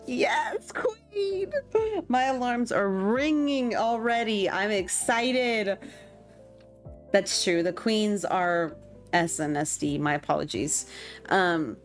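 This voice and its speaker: Chatty young woman streamer, slow delivery. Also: medium pitch. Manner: chatty, excitable, reads chat and laughs often. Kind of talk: casual live-stream chat. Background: faint background music.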